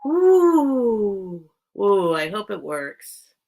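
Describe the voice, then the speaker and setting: Chatty slow-talking woman with gravelly voice. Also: medium pitch, bright, forceful tone. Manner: chatty, self-interrupting, reads out bids. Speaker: online live-sale seller. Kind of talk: casual live-stream selling chat.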